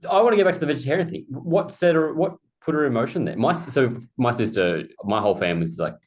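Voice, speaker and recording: A man's voice: mid-range voice, animated, quick pace, darkish tone. A man, a podcast co-host asking playful, teasing questions. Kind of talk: casual interviewing.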